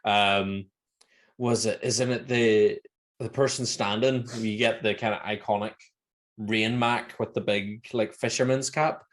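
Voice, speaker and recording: A Northern Irish man co-hosting a podcast in casual chat, laughing often and acting out lines in high voices. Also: steady tone, a little slow. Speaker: podcast co-host.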